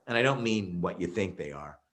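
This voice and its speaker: A man with a fairly low voice delivers a keynote talk to an online audience. He tells stories with energy and emphasis, often with fillers and restarts. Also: expressive, fairly quick, fairly bright tone. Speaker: keynote speaker. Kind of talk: virtual keynote presentation.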